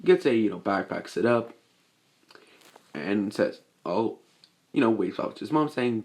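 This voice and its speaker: A man's voice: fairly low pitch, animated, measured pace, pauses often. A young man improvising a fan-made story, rambling and restarting with lots of fillers. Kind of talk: improvised fan-fiction narration.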